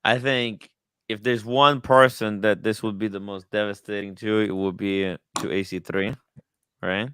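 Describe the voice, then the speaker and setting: A man's voice: lowish voice, steady tone, normal speed, a bit bright, clear, resonant tone, no echo, clean studio sound. A man hosting a casual livestream chat about watches, rambling with many fillers and restarts. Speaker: watch podcast host. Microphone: studio mic.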